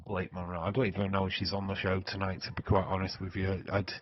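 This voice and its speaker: A man's voice: deep voice, monotone, quick pace, muffled recording. A man with a Yorkshire accent hosting a casual, joking livestream and chatting to viewers with plenty of swearing. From Yorkshire, England. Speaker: wrestling stream host.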